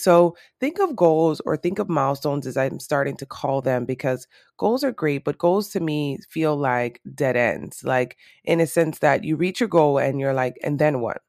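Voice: mid-range voice, dry recording, clean studio sound. A podcast host in a morning voice, talking casually and loosely to listeners with many fillers and restarts. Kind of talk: casual solo podcast talk.

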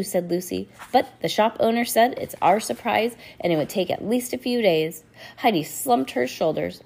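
Young mom reading a kids book out loud, raspy voice, real lively. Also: female voice, fairly low pitch, normal speed. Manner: animated, breaks off to chat and laugh. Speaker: parent reading aloud. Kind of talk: storybook read-aloud to a child.

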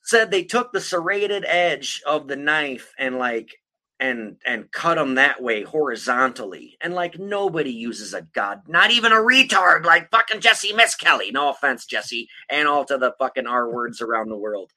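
Male podcast host, bright lively delivery, profane and blunt, quick to laugh at his own story. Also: mid-range voice. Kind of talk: casual true-crime storytelling.

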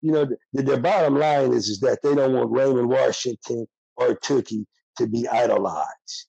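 A man's voice: mid-range voice, moderate pace, gravelly, warm tone, slightly rough, no room sound, muffled recording. An older man, a former prisoner, speaking bluntly and heatedly in a candid interview with a streetwise manner.

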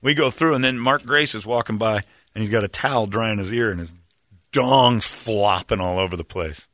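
A man in his forties, a radio show host, telling casual stories on a podcast and breaking into loud high impressions and shouts. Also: normal speed, no room sound, clean studio sound. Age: 40s.

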